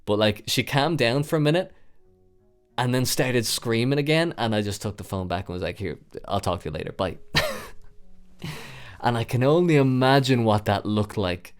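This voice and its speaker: A man's voice: mid-range voice, lively intonation, moderate pace, long pauses, clean tone, faint music behind. A young man hosting a podcast, telling a long personal story in a rambling way, with frequent fillers and swearing. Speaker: podcast host. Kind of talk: storytelling monologue.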